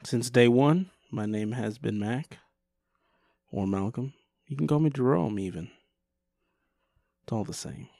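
A man's voice: medium pitch, unhurried, creaky, pauses often, dark tone, no echo. A young man co-hosting a podcast, trading dry teasing banter in casual chat. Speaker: podcast co-host.

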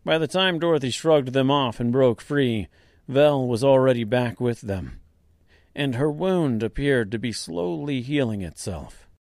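A man narrating a dark fantasy audiobook serial, reading slowly and deliberately. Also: medium pitch, animated, dry recording, studio quality. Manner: slow, deliberate reading with quiet voiced dialogue.

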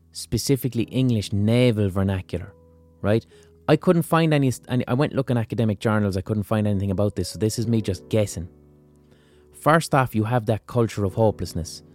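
A man's voice: on the low side, dark tone. An Irish man hosting a podcast, explaining things in a blunt, casual, sweary monologue. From Limerick, Ireland. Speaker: podcast host.

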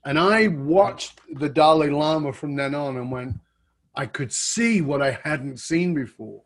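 Man, storyteller, slightly high, animated delivery. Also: breathy edge. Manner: animated, acts out quotes, laughs at himself. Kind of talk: casual storytelling.

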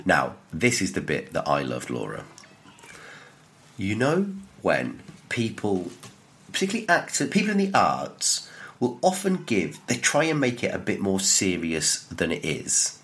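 A young man co-hosting a podcast in casual chat, telling a story with animated, mocking energy. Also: sits low, measured pace. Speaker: podcast co-host.

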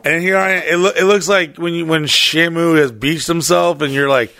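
A man with a gravelly, slightly raised voice tells crude stories on a podcast, swearing freely and acting out the people in them. The sound is dry and close, with no room echo. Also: fairly high pitch, normal speed, few pauses. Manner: profane, animated, acts out other people's voices. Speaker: podcast co-host. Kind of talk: crude casual storytelling.

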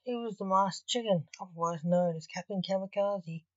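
A woman narrating a story in an even, measured reading. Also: medium pitch, no echo. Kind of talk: scripted narration. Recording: dull, dry recording.

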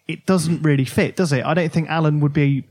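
A man's voice: on the high side, fairly even intonation, fairly quick, darkish tone. Wry man reading out excerpts. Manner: wry, laughs while reading passages aloud. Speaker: podcast host. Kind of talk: casual chat, reading book excerpts aloud.

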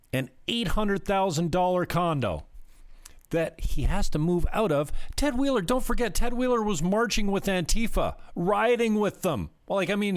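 Male commentary host, sarcastic heated rant, pitch leaping about, dry close sound. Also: clear, resonant tone, dry recording. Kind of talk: ranting commentary over clips.

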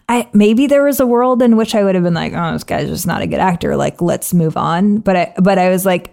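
A woman's voice: mid-range voice, creaky, a little mellow. A woman in her thirties, a director, chatting casually with lots of fillers and restarts. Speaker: director and podcast co-host. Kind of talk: casual chat.

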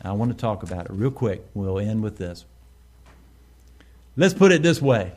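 A male pastor, preaching a sermon with sudden swells in volume and slowed, stressed phrases. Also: lowish voice, very animated, a little mellow.

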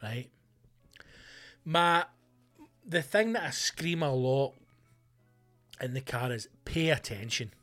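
A man with a Scottish accent hosting a comedy podcast, ranting loudly and swearing a lot. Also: a little high, slow pace, pauses often, faint music behind. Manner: loud, sweary, animated ranting.

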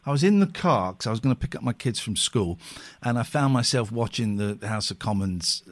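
A man hosting a live phone-in radio show, rambling and animated, swearing freely. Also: medium pitch, fairly quick. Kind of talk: casual live radio talk.

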